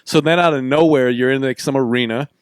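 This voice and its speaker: A man co-hosting a podcast in casual chat, animated and profane, often slipping into acted voices. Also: medium pitch, quick pace, smooth, no room sound, studio quality. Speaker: podcast co-host.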